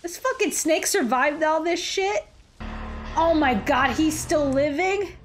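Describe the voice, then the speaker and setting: A woman reacting to a movie as the host, loudly cheering, cursing and laughing at the screen, with the film soundtrack playing underneath. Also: high-pitched, takes it slowly. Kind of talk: casual movie reaction commentary. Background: movie audio and music.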